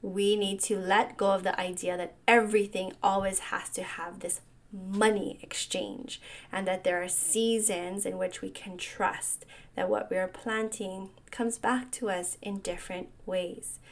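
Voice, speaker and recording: A woman's voice: medium pitch, fairly even intonation, a little slow. A woman, hosting a solo coaching talk in an earnest, reflective way and often asking "right?". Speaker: business coach podcast host.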